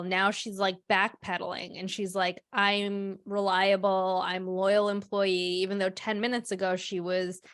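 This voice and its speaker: A woman co-hosting a podcast walks through a TV episode in loose, blunt chat, dropping swear words as she goes. Her voice sits at an everyday female pitch. The recording is close and dry, with no room sound. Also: a bit bright, dry recording. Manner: blunt, swears freely while recapping. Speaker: podcast co-host. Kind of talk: casual podcast recap.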